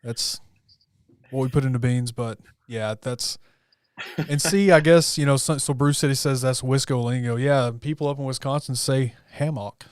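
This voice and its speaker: Male livestream host, relaxed conversational talk, dry close sound, medium pitch. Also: moderate pace, smooth, no echo. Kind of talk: casual livestream chat.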